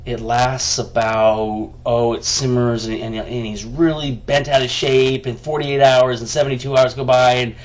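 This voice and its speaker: A man's voice: medium pitch, steady tone, normal speed, hardly any pauses, lo-fi sound, slight background noise. A man venting to the camera in a heated, profane rant. He often restarts his sentences, and he talks to himself by name. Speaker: vlogger.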